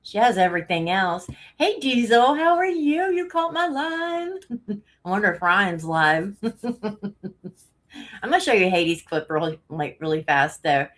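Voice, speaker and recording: A woman's voice: medium pitch, very animated, a little slow, a bit bright. A woman talks casually on a home live stream, a little out of breath. She rambles from topic to topic and laughs often as she greets her viewers by name.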